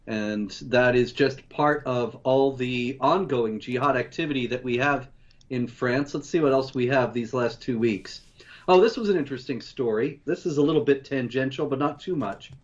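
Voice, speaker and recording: A man co-hosting, running through news stories in a measured, steady way. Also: medium pitch, lo-fi sound. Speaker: co-host. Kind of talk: news rundown commentary.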